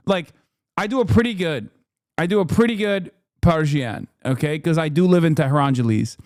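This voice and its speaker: A man's voice: on the high side, moderate pace, a little mellow, dry recording, studio quality. A man streaming live, reacting with crude, sarcastic commentary and frequent laughter.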